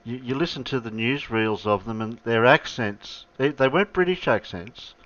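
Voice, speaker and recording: A man's voice: medium pitch, moderate pace, a bit bright, no room sound. A man co-hosting a casual live-stream chat, talking in an easygoing, rambling way. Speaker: co-host. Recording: dull lo-fi sound with faint noise.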